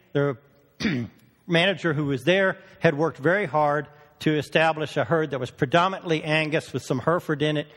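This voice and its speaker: A man's voice: fairly high pitch, fairly bright tone, long reverb tail. A man from the northern United States giving a folksy, joking conference talk as a cattle research station manager. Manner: fast-talking, folksy, joking.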